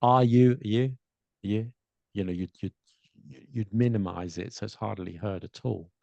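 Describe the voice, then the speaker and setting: Speaking at a moderate pace in a fairly low, gravelly, mellow voice, a man co-hosts a podcast and offers casual pronunciation tips. He thinks aloud, restarts many times, and demonstrates examples. The audio is dull, with no echo.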